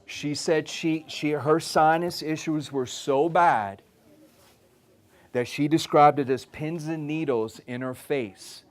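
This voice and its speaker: A man's voice: on the high side, takes it slowly. A man giving a live wellness presentation, telling stories and checking in with "okay?". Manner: animated storyteller, frequent "okay?" check-ins.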